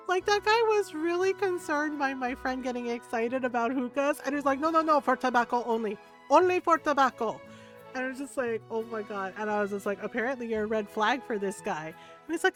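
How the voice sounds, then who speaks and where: A middle-aged woman streaming a game, chatting casually and telling a story in an animated way, acting out the people she quotes. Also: sits high, a little fast, faint music behind.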